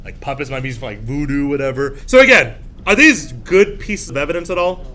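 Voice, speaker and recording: A male teacher giving a classroom lecture, animated, often jumping into high shrill voices to act out scenes. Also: fairly quick. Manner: animated, acts out shrill voices of frightened girls.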